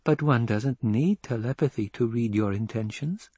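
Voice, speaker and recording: A man with a husky voice, voicing a calm, defiant young girl who speaks slowly and quietly. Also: medium pitch, dry recording, lightly acted. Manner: quiet, slow, cool and measured.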